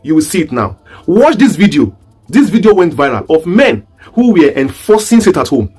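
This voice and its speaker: A Nigerian-accented man delivers pointed commentary in a high, swooping voice. His tone is a little husky, and he presses his points with question after question. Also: very animated, normal speed, darkish tone, soft background music. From southeast Nigeria. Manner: rhetorical, emphatic, asks repeated questions. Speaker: online commentator. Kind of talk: commentary video.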